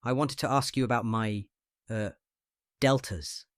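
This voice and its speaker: A man reading aloud, voicing a weak, bewildered bedridden man who snaps and shouts in irritation. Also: mid-range voice, a little slow, no echo, clean studio sound, close to an everyday voice. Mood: furious. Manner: furious outbursts, snapping and shouting. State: weak from illness.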